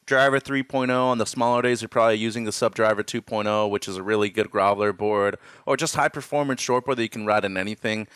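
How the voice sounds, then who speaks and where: A man's voice: fairly low pitch, fast, few pauses, a bit bright, clear, resonant tone, no room sound, studio quality. A man giving casual analysis as co-host, upbeat and rambling with fillers.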